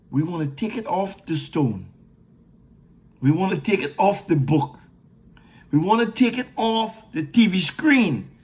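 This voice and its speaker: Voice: medium pitch, breathy edge. A preacher giving a sermon teaching, emphatic, repeating words for stress and posing questions only to answer them.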